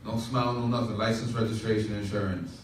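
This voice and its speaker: A man's voice: on the low side, flat delivery, fast, a little hiss or hum. A man pastor telling a humorous story in a sermon, with asides to the congregation. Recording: echoey room from far off.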